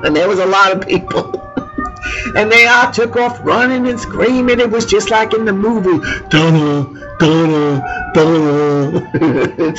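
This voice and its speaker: A woman's voice: on the high side, normal speed, fairly bright tone. A woman from tells a rambling personal story, laughing often and searching for words. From Louisiana. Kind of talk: personal anecdote told aloud. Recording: lo-fi recording with music behind.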